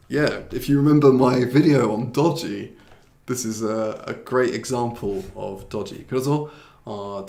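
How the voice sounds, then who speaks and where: A man's voice: fairly low pitch, creaky, darkish tone, slight background noise. A British man giving a casual language lesson, chatty and self-deprecating, often restarting his sentences as he searches for the right words. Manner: laughs at himself. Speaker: English teacher. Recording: roomy echo.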